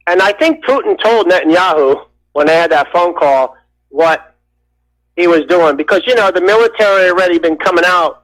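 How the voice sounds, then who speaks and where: A man from New Jersey calling into a radio show, rambling and halting with fillers. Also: high-pitched, fairly bright tone, faint music behind. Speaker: caller. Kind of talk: call-in radio conversation. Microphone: telephone. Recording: tinny phone line.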